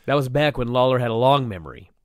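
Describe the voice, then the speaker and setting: A man co-hosting a podcast in casual chat, animated and swearing freely, shouting when he quotes someone. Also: mid-range voice, fast, no echo, clean studio sound. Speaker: podcast co-host.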